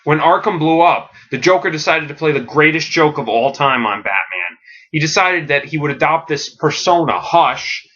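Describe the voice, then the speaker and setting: Over dull-sounding audio, a man hosting a comedy podcast pitches a story with deadpan enthusiasm, rambling and leaning heavily on filler words.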